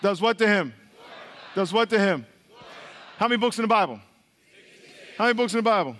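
Heard in a long-reverb hall with slight background noise, a preacher with a high, animated, fairly bright voice speaks briskly. He leads his congregation in call-and-response Bible teaching, repeating his questions, drilling them, and laughing frequently.

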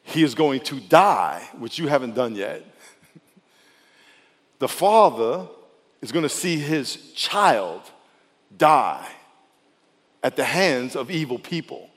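Emphatic pastor in a reverberant church. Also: male voice, medium pitch, very animated, slow pace, long pauses. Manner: conversational, emphatic, drops to soft intimate tone. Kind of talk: sermon.

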